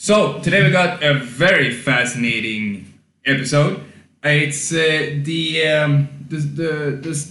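A man's voice: medium pitch, a bit bright. Swedish-accented man, crude podcast banter. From Sweden. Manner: crude, joking, rambling with restarts. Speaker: podcast host. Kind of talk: casual podcast chat. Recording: echoey room.

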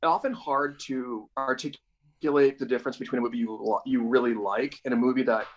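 A man co-hosting a podcast, talking about films in an excited, rambling way with lots of fillers. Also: mid-range voice, brisk, rough recording. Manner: enthusiastic, rambling with many fillers. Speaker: podcast co-host. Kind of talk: casual film chat.

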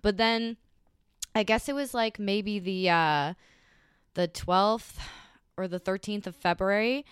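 A woman from Canada telling a dating story in a loose, animated way, swearing often. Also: mid-range voice, slow, clean tone, dry recording, studio quality. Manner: swears a lot, animated retelling. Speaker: guest. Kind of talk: casual storytelling.

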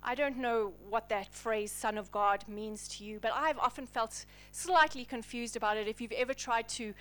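A woman's voice: fairly high pitch, fairly even intonation, moderate pace, fairly bright tone. A woman preaching a sermon to a congregation, telling Bible stories dramatically and dropping to a near whisper at the key moments.

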